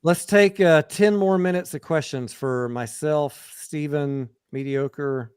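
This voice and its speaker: A man's voice: a little high, slow, darkish tone, smooth, no room sound, clean studio sound. A man hosting a late-night livestream chat, joking and swearing, tired and reading viewer comments aloud. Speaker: livestream host. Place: home in Texas.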